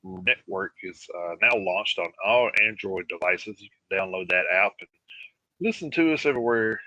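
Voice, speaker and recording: A man co-hosting a live radio show talks in a low, bright and forceful voice. He pauses often and fills the gaps with "uh" as he reads through lists. The sound is dry and close, with no room echo. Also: expressive, lo-fi sound. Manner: halting, filler-heavy reading of lists. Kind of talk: casual live radio chat.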